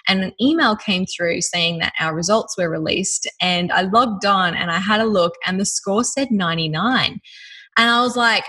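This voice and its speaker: Husky, bright Australian woman. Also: medium pitch, moderate pace, rough recording. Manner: lively, laughs often while telling her story. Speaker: guest telling her story. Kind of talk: personal storytelling.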